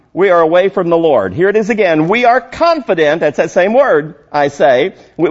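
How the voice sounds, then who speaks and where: A male pastor delivers a sermon with emphasis, climbing to loud, high peaks and sinking to quiet, low lines. The high frequencies in the recording are cut off.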